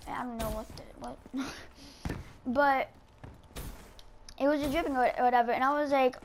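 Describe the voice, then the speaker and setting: A woman's voice: high-pitched, fairly even intonation, moderate pace, long pauses, a little hiss or hum. A woman telling a casual story while she plays a game, rambling and full of filler words. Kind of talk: casual storytelling over gameplay.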